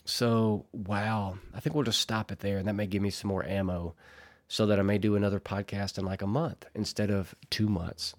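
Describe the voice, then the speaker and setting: A man's voice: on the low side, darkish tone. A man hosting a casual solo podcast, telling a story in a chatty, rambling way and laughing at himself.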